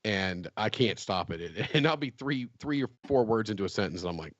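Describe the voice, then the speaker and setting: A man's voice: lowish voice, expressive, a little fast, no echo, lo-fi sound. A man with a West Virginian accent, co-hosting a podcast in casual chat, rambling with restarts and laughter. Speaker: podcast co-host.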